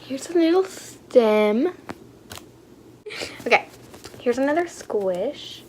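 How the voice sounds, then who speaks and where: A young woman excitedly unboxing toys for her vlog, gushing and gasping with lots of fillers. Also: high-pitched, slow, a little hiss or hum. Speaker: vlogger.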